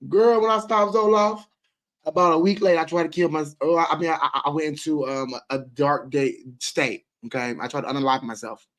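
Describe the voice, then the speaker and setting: A man's voice: on the high side, fairly even intonation, fast, hardly any pauses, a bit bright. A man hosting a casual livestream, reacting to viewer comments with emphatic, repetitive, profanity-laced talk. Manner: emphatic and repetitive, swears freely. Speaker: livestream host.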